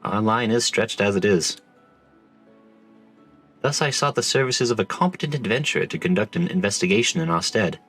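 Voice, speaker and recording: Guy reading as a stiff proper navy commander from a game, formal and measured, deep voice. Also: animated, a bit bright, faint music behind. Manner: formal, measured, stumbles over names.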